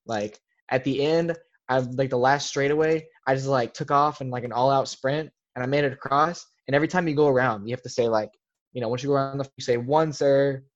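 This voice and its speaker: A man's voice: mid-range voice, fairly even intonation, fast, highs cut off. A young man, a podcast guest, telling a casual story in a rambling way, full of filler words. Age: young adult.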